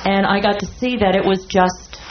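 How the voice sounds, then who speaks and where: A woman's voice: medium pitch, steady tone, normal speed. A woman in a workshop earnestly telling a personal story with strong emotion. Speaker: workshop participant. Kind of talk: personal account. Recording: dull lo-fi sound with faint noise.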